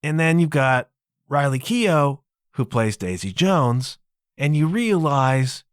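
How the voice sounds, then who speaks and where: A man's voice: a little high, expressive, slow, clean tone, no room sound, clean studio sound. A man hosting a solo podcast, talking emphatically in a conversational way and often checking in with the listener. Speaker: podcast host.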